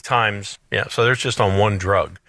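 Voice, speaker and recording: A man's voice: lowish voice, unhurried, pushed and bright, no room sound. A middle-aged man hosting a radio talk show, telling rambling stories with many restarts. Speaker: radio show host, financial advisor. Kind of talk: casual radio chat.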